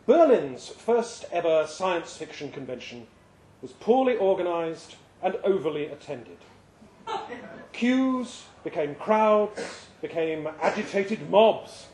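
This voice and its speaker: A man giving a lively, expressive live reading of a short story at a pub event. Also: fairly high pitch, slow, a little hiss or hum. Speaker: reader. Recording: roomy live venue sound.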